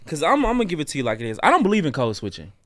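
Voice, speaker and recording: A man co-hosting a casual reaction show, speaking in an animated, opinionated way. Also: a little high, racing, dry recording, clean studio sound. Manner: animated, opinionated, slips into mocking voices. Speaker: co-host.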